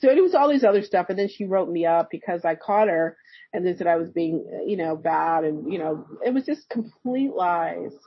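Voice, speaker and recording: Husky-voiced woman telling stories. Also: fairly low pitch, normal speed, no room sound, lo-fi sound. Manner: animated storyteller who acts out quoted dialogue. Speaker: podcast guest, therapist and energy healer. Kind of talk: casual storytelling interview.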